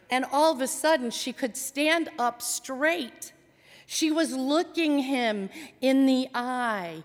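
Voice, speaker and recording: A woman pastor delivers a sermon in a slow, deliberate storytelling manner with dramatic pauses. Her voice rings with a long reverb through a church sanctuary. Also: high-pitched.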